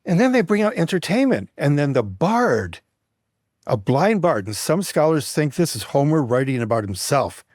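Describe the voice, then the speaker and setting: A man guesting on a talk show, retelling an ancient myth with lively expression and frequent restarts. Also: a little high, normal speed, dry recording, clean studio sound. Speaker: guest, mythologist and writer. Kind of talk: animated storytelling in conversation.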